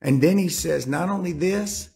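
A man preaches with a high, gravelly voice. His delivery is emphatic, and he leans on rhetorical questions to press each point. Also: normal speed, warm tone. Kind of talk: sermon.

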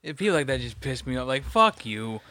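A man's voice: medium pitch, big pitch swings, brisk, sharp tone, no room sound. A man in casual chat, rambling and swearing as he tells a work story. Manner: rambling, profane, sympathetic storyteller.

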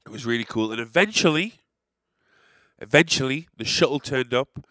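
A young Englishman with an English accent tells a story in a loose, rambling way, full of swearing and dry sarcastic asides. His voice sits at a middling pitch for a man. The recording is close and dry, with almost no room sound. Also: lively intonation, moderate pace, fairly bright tone, no echo. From England. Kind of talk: casual anecdote telling.

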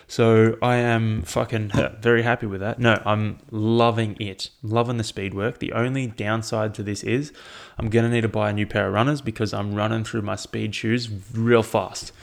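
A young Australian man hosts a solo podcast in a lowish, gravelly, level voice at a moderate pace. He sounds tired and yawns, rambling casually and swearing often.

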